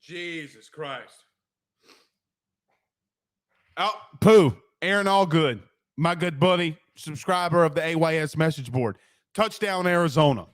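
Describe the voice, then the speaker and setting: A man with a high voice hosts a postgame sports show. He rants in a brash, profane, rapid-fire way, fired up and hammering each point. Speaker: sports talk show host.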